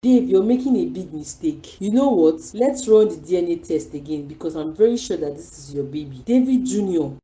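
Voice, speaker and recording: A woman's voice: on the low side, lively intonation, fairly quick, hardly any pauses, warm tone, close to an everyday voice. A woman playing Brenda, a scheming young mother. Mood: defiant. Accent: Nigerian.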